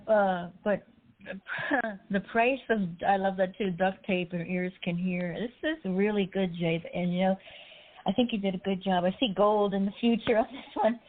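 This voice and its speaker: A chatty woman hosting a poetry night in a relaxed, teasing way, often breaking into laughter. Her voice sits at an ordinary pitch. It comes through a narrow, phone-like online connection. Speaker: host. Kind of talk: casual chat. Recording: tinny phone-like online audio.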